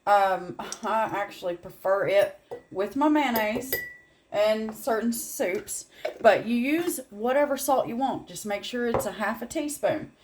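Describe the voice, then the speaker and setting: A woman's voice: fairly high pitch, lively intonation, measured pace, a little mellow, slight background noise. A middle-aged woman with a Southern accent, hosting a home cooking video, chatting through a recipe with rambling asides and little laughs. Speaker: home cooking channel host. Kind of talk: casual cooking demonstration.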